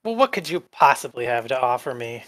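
A man's voice: medium pitch, very animated, a little fast, a bit bright, no echo, pitched below the performer's own voice. A man voicing a sneering, bored spectre in a tabletop role-play, drawling and contemptuous. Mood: menacing.

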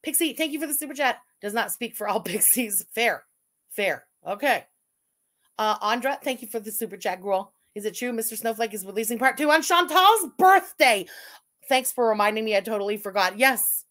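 A woman's voice: a little high, moderate pace, fairly bright tone. A woman hosting a livestream, reading chat messages aloud and mocking people with lots of swearing. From Quebec. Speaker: livestream host. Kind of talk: casual livestream commentary.

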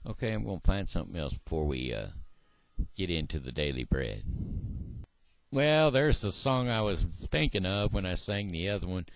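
Low-talking man chatting between songs. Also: big pitch swings, no room sound. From Missouri. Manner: sings slow old country songs unaccompanied, then chats quickly and low between them. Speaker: vlogger. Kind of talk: casual singing vlog.

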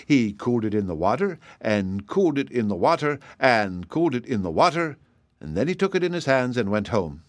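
A man reads a children's story aloud in a measured, gentle way. His voice sits at a middle pitch. The recording is dry and close, with no room sound. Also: big pitch swings, no room sound. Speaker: narrator reading a children's story.

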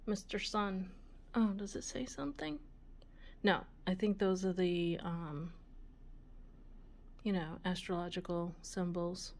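A woman hosting a vintage jewelry video, musing aloud in a soft, relaxed voice and sometimes dropping to a whisper. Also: on the low side. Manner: slow, soft-spoken, musing aloud, often drops to a whisper. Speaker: vintage jewelry channel host. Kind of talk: casual show-and-tell of jewelry.

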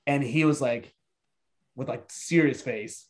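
A man casually telling a spooky story among friends, acting out the people in it with big jumps in his voice. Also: measured pace. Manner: animated, acts out quotes with big pitch jumps. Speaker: podcast co-host.

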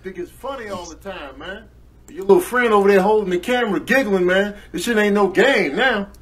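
A man's voice: high voice, expressive, brisk, fairly bright tone. A man voicing an angry streetwise male cat in a comedic pet video, drawling and calling everyone "man". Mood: fed-up, threatening.

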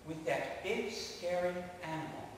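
A man preaching a storytelling sermon, dramatic, swinging from loud to hushed. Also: high-pitched, lively intonation, unhurried, background noise. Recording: echoey church hall, mic far off.

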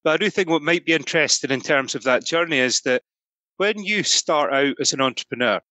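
A man's voice: a little high, a little fast, sharp tone, no room sound. A Scottish man giving friendly, thoughtful answers as a podcast guest. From Scotland. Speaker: podcast guest, entrepreneur coach. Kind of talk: interview answers.

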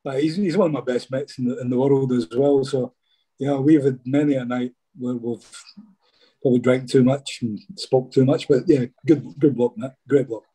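A middle-aged man tells stories in a chatty, casual way, calling his listener "mate" again and again. His voice is husky and dark, with a mellow, low-lying tone. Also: fairly even intonation, normal speed. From Scotland. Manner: chatty, peppers speech with "mate". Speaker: former footballer guest. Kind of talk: casual interview storytelling.

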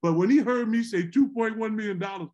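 A middle-aged man, a former pro basketball player, telling animated, rambling stories on a podcast. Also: high-pitched, brisk. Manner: animated, rambling, repeats words. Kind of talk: casual storytelling chat.

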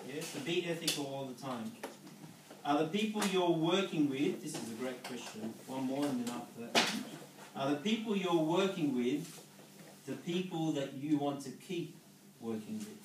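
A man's voice: on the high side, animated, normal speed, heavy background noise. A man giving a motivational business talk to an audience, coaching and checking in with short questions. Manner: coaching, checks in with "okay?" and "yeah?". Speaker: network marketing speaker. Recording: echoey room, voice from far off.

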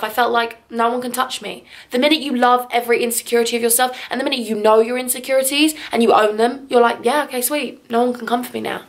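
A young woman from England, chatting to her handheld vlog camera at home, gushing and emotional, a little teary. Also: high voice. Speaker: vlogger. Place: home living room.

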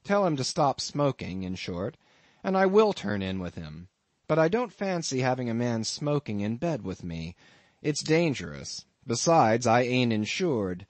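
A man's voice: medium pitch, sing-song, a little slow, no echo. A man voicing a young male sailor who speaks emphatically and exclaims, as an audiobook character voice. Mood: wry. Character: young male sailor, anxious then reasoning.

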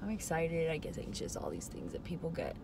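A woman's voice: sits low, huge pitch swings, a little fast, vocal fry, very noisy. A woman vlogging from a parked car. She is emotional and close to tears, and she talks hesitantly, rambling and trailing off. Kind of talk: casual confessional vlog. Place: parked car in a parking lot.

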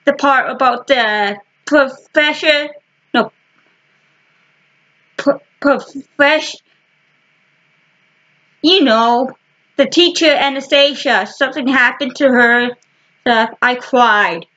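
A woman casually showing her book collection to the camera, talking in short halting fragments with frequent restarts. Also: high-pitched, fairly bright tone, lo-fi sound. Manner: slow and rambling. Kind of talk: casual chat.

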